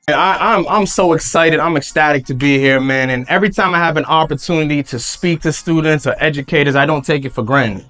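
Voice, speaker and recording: A man's voice: fairly high pitch, fairly quick, few pauses, fairly bright tone. A man in his thirties giving a motivational speech to students at a school event, hyping the crowd with call-and-response and lots of "y'all". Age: 30s. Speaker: motivational speaker. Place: school event with live audience.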